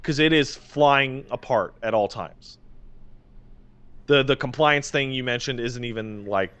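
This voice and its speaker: A man co-hosting a podcast, telling stories in an excited, exasperated way with restarts and swearing. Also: medium pitch, unhurried, clean tone. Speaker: podcast co-host. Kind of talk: casual chat.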